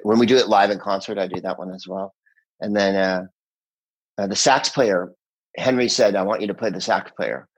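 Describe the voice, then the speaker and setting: Brief: man, 60s, American, low and a bit husky, animated anecdote-teller. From United States. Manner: animated storyteller, slips into impressions. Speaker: guest voice actor. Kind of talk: casual anecdote-telling.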